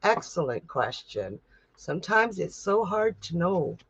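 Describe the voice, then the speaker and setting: A woman's voice: lowish voice, big pitch swings, unhurried, highs cut off, slight background noise. A middle-aged woman hosting a live-stream psychic reading, talking in a heartfelt, chatty way with frequent laughs. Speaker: psychic medium host.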